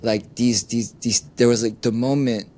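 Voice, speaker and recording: A man's voice: mid-range voice, fairly even intonation, normal speed, a little mellow. A middle-aged man, a life coach, telling candid stories in an interview, acting out the people he quotes and saying "you know" often. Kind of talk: candid conversational storytelling.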